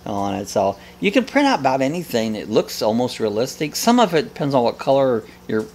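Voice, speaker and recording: A man's voice: mid-range voice, sing-song, brisk, darkish tone, a little hiss or hum. A man hosting a live coffee chat, blunt and jokey, laughing often as he reads viewer comments. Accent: American.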